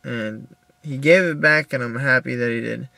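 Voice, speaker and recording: Creaky-voiced man venting in his car. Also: mid-range voice, pushed and bright, dry recording. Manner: halting, many restarts and fillers, upset. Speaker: video diarist. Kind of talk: personal video diary, venting.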